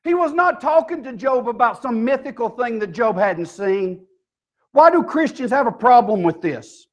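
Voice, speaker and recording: High-voiced emphatic male preacher. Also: expressive, normal speed. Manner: emphatic, rhetorical questions to the congregation. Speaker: pastor. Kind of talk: sermon. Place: church.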